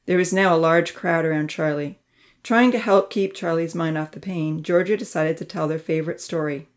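A woman narrates a children's storybook with a somewhat low voice. She reads in an expressive storytelling manner, raising her pitch for the characters' dialogue. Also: moderate pace.

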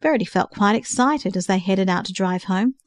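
A woman reading a story aloud in an even, clear storytelling manner. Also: medium pitch, a little fast. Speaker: narrator. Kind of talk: audiobook narration.

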